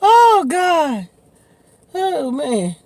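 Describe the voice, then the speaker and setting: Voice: sits high, sing-song, drawn-out words, a little mellow, slight background noise. A vlogger, chatting casually while eating on camera, laughing often and talking in loose, informal slang. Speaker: mukbang vlogger.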